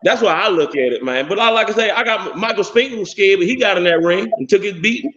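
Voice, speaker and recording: A man's voice: high-pitched, expressive, fast, fairly bright tone, muffled recording. A male caller ranting bluntly and at length on a call-in show. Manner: blunt, rambling, insistent. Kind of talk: heated call-in rant.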